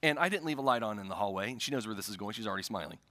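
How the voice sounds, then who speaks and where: A man's voice: on the low side, expressive, rapid-fire, bright, forceful tone, in a large hall. A middle-aged male pastor preaching a sermon, telling stories and asking rhetorical questions, in a church sanctuary.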